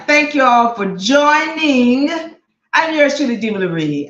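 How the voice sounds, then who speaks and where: Slow, chatty woman hosting a live class. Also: a little high, fairly bright tone, dull audio. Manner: chatty, greets viewers one by one, repeats words. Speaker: online law class host. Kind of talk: casual livestream teaching. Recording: echoey room.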